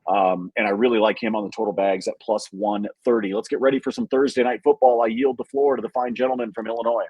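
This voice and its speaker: Husky, laid-back podcast co-host man. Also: fairly low pitch, level tone, fast talker, a little mellow, no room sound, lo-fi sound. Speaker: sports betting podcast co-host. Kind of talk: casual betting picks chat.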